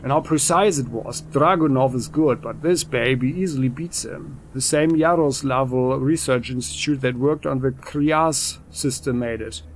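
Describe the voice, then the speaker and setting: A man's voice: mid-range voice, unhurried, hardly any pauses, a little hiss or hum, natural voice. A man reading aloud the lines of a game's ex-soldier, who brags about a rifle, in his own plain voice. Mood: boastful. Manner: reads game dialogue aloud plainly.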